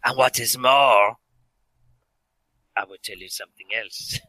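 A man's voice: medium pitch, a little slow, sharp tone, rough recording. A man voicing a creepy male professor with a put-on French accent, speaking in grave, cryptic pronouncements during a tabletop role-play. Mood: cryptic, ominous.

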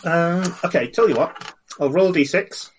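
A man playing a tabletop game, speaking in a wry, hesitant way with many ums and pauses. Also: fairly high pitch, slight background noise. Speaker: player. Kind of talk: casual tabletop game chat.

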